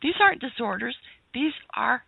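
Gravelly woman on a tinny phone line. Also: on the high side, animated, no room sound. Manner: earnest, halting, many restarts. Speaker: radio guest. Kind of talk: radio interview.

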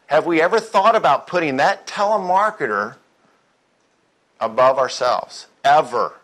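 A man's voice: on the high side, expressive, measured pace, fairly bright tone. Middle-aged male preacher, folksy storyteller who slips into other people's voices to act out his anecdotes. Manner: storytelling, mimics voices, rhetorical questions. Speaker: church speaker. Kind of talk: conversational sermon with acted-out stories.

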